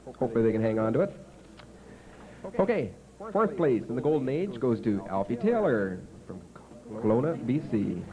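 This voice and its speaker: A man's voice: mid-range voice, sing-song, moderate pace, long pauses, narrow, tinny audio. A man with a Canadian accent emceeing a festival on stage, telling jokes and announcing winners in a folksy, punning way. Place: outdoor small-town festival stage. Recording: home video with festival crowd.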